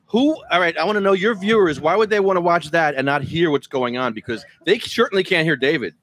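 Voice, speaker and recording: A man's voice: fairly high pitch, brisk, fairly bright tone. A man co-hosting a podcast, chatting casually with a teasing, mock-stern edge. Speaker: podcast co-host. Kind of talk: casual chat.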